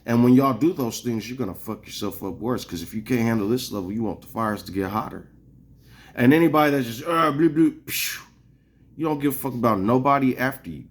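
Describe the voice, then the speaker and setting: Man, vlogger, angry rant, swears a lot, rambling, middle pitch. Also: expressive, fairly quick. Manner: angry, profane, heated; rambling, restarts often. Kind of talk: casual ranting monologue to viewers.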